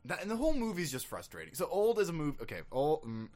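A young man co-hosting a podcast, chatting about a movie in an animated, rambling way with lots of swearing and laughs. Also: a little high, quick pace. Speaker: podcast co-host. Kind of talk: casual movie review chat. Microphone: studio microphone.

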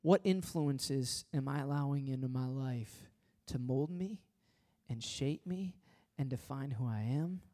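A man preaching a sermon as pastor, swinging from loud pleading questions to hushed, earnest appeals. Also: mid-range voice, a little slow.

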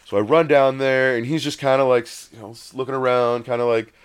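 A man with a smooth, clear voice at a middle pitch, spinning a long anecdote in easygoing conversation. He rambles with lots of fillers and slips into lively voices for the people in his story. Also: fairly quick. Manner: rambling, animated, acts out quoted voices. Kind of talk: casual storytelling chat.

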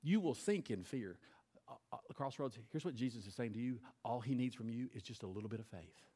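A male pastor preaching a sermon on a stage mic, swinging between loud emphatic bursts and quiet, intense lines. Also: medium pitch, animated, fairly quick, husky.

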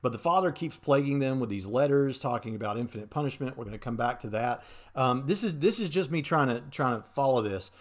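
A man hosting casual commentary on a clip he has just played. He argues earnestly and thinks aloud in a steady mid-range voice. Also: mid-range voice, fairly quick, few pauses. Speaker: host.

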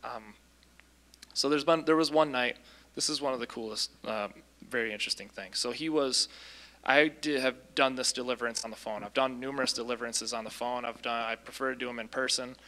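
A man casually recounting a deliverance story as a Christian minister, lively, with frequent ums and restarts. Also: medium pitch, fairly quick.

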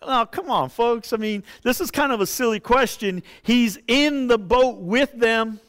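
A male pastor preaching a sermon, expressive, rising into impassioned pleading. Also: very high voice, measured pace, smooth.

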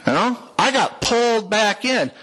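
Lively, husky man giving church testimony. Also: high voice, unhurried, rough recording. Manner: folksy and heartfelt, with small jokes. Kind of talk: personal testimony to a congregation. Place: church sanctuary, before the congregation.

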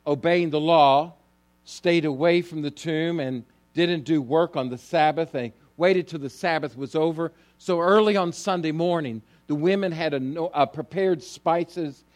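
A pastor delivers a sermon in a fairly high male voice, retelling the story with animated, emphatic lines that build as he goes. He keeps turning to his listeners with direct questions.

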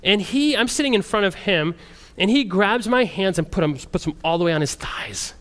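Lively high-voiced male missionary storyteller. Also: normal speed. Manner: animated storyteller, frequent restarts. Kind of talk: storytelling testimony talk.

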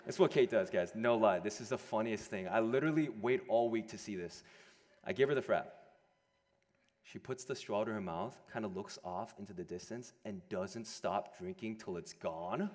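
Young man preaching in a reverberant hall. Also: normal speed. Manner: animated, swinging between loud emphasis and hushed lows. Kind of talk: sermon. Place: large room with an audience.

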